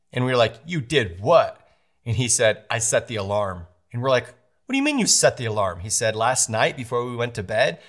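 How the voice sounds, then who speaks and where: A man in his thirties, a pastor telling a family story in a sermon, animated and acting out the voices of his wife and kids. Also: medium pitch. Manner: animated, acts out family dialogue with playful voices.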